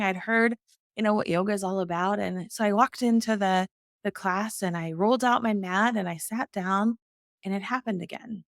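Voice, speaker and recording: A woman's voice: medium pitch, no echo, clean studio sound. A middle-aged woman, a guest in an interview, telling her personal story earnestly and acting out the dialogue she quotes.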